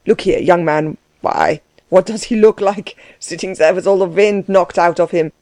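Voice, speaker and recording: A woman's voice: fairly low pitch, normal speed, dry recording, lightly acted. A woman reading the part of a blustering, domineering middle-aged German man who mocks and orders others about. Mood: mocking. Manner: loud, bossy, laughing scorn.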